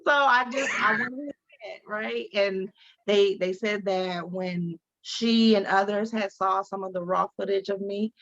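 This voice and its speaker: A woman from Detroit tells her own story in an interview, animated and candid. Her voice has a gravelly edge, and she acts out the people she quotes. The sound is dull, lo-fi video-call audio. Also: medium pitch, unhurried. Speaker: guest, advocate and speaker.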